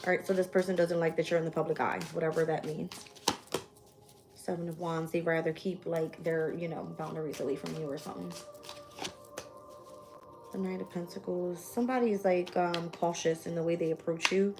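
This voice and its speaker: Blunt, low-voiced woman reading tarot. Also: steady tone, brisk, background noise. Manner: casual and blunt, swears freely, thinks aloud while drawing cards; shuffles and names cards aloud. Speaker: tarot reader. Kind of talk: casual live-stream tarot reading.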